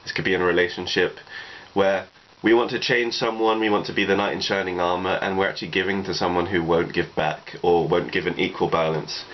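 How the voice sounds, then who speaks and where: A man, talking through personal advice in a reflective, rambling way, leaning on "you know" a lot. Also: low-pitched. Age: 20s. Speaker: vlogger. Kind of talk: casual advice monologue. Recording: dull lo-fi recording with faint noise.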